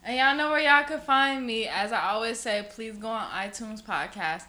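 A woman's voice: fairly high pitch, normal speed. A young woman hosting a podcast, chatting candidly and with plenty of profanity. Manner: candid, profane, lively banter. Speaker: podcast host. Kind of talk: casual chat.

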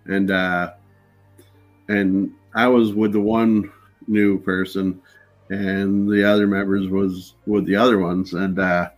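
A man with a low voice tells paranormal anecdotes in an unhurried, conversational way. He slips into quoted dialogue as he goes. Faint music sits in the background. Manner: relaxed anecdotal storyteller, acts out dialogue. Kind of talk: casual storytelling in an interview.

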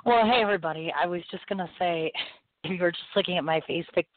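Hoarse, chatty woman hosting a radio show. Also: on the low side, fast. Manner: chatty, self-deprecating, gushing. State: hoarse, losing her voice. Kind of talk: casual chat. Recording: tinny phone line.

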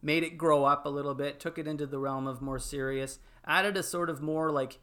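A man in casual podcast chat, telling film moments with lots of fillers and animated retellings. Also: a little high, brisk. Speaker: podcast panelist.

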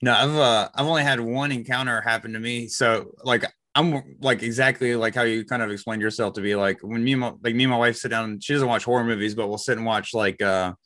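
A man hosting a podcast chats quickly and loosely, dropping plenty of fillers. His voice is bright and forward. The recording is dry. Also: medium pitch, no room sound. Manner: relaxed, filler-heavy. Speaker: podcast host. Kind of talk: casual chat.

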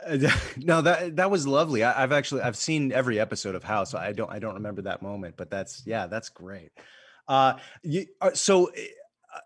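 A man, a podcast guest in casual conversation, telling stories in an animated way. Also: mid-range voice, moderate pace, slightly rough, no echo, studio quality. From United States.

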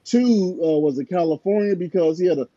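High-voiced man in dry, dull sports chat. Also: fast talker, no echo. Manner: rambling, animated storytelling with filler words. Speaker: sports podcast co-host.

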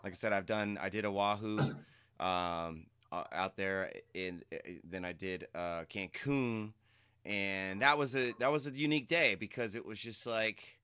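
Casual male host, slangy, low-pitched, bright and smooth timbre. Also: a little slow. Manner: laid-back, says "bro" and "dude", laughs often. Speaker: podcast host and fly fishing guide. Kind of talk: casual chat.

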